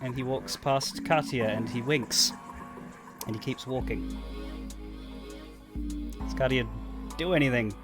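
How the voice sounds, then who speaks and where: A man's voice: medium pitch, a little slow, long pauses. A man narrating a tabletop game as game master, rambling and restarting his sentences, with music playing behind him. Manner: rambling, many restarts and fillers.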